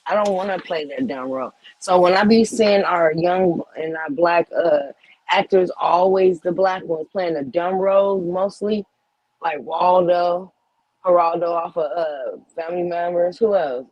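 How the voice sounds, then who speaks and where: High, husky-voiced man ranting. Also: a little slow, no echo, muffled recording. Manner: rambling, emphatic and blunt. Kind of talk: casual chat.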